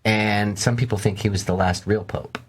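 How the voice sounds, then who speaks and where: A man's voice: lowish voice, steady tone, moderate pace. Male podcast co-host, laid-back reader with a habit of swearing and joking between lines. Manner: joking, profane asides while reading. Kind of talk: casual podcast chat, reading stories aloud.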